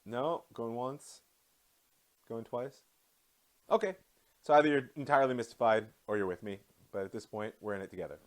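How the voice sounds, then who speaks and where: Fast-talking man teaching a live online class. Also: fairly low pitch. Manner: animated, quick, self-deprecating asides. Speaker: rabbi and teacher.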